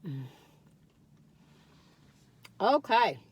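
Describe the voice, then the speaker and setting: A woman's voice: mid-range voice, very animated, very slow, slightly rough. A woman reviewing cookies in a chatty, folksy vlog, often calling her viewers "you all". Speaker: food review vlogger.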